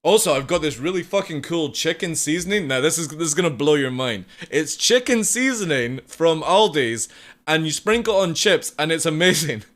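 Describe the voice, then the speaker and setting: A man's voice: on the high side, lively intonation, moderate pace, fairly bright tone. Chatty young man streaming. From United Kingdom. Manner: rambling, chatty, swears casually, reads chat aloud. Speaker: live streamer. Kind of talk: casual chat with viewers.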